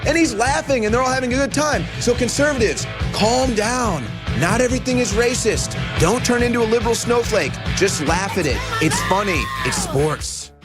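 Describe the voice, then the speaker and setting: A man hosting a studio talk show, delivering an animated political commentary monologue with emphatic rhetorical questions. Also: very high voice, moderate pace, hardly any pauses, music in the background. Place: broadcast studio.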